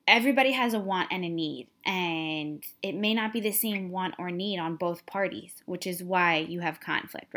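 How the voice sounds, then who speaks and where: A woman in her thirties chatting casually as a podcast co-host, candidly telling a story about her family and acting out both sides of a spat. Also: on the low side. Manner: candid, animated storytelling, mimics her husband. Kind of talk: casual chat.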